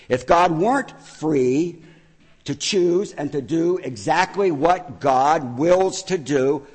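A man's voice: fairly high pitch, big-room sound. A man preaching a sermon from the pulpit, teacherly, repeating phrases to stress a point. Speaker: pastor. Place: church sanctuary.

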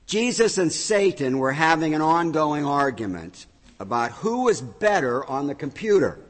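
A middle-aged male pastor preaching a sermon, reading scripture and telling a joke with animated, acted-out storytelling. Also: on the high side, normal speed. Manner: animated storytelling, acting out shouts. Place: church sanctuary. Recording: long reverb of a large hall.

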